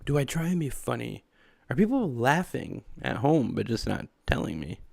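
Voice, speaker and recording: A man's voice: medium pitch, sing-song, normal speed, creaky, dry recording, studio quality. A man chatting casually on a livestream, rambling and laughing often from a small room. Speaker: streamer.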